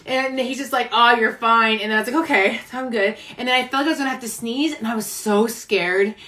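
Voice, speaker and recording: A woman's voice: on the high side, quick pace, fairly bright tone. Bubbly, chatty young woman. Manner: bubbly, chatty, laughs often. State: a little out of breath. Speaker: vlogger. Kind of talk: casual live-stream chat. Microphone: phone camera.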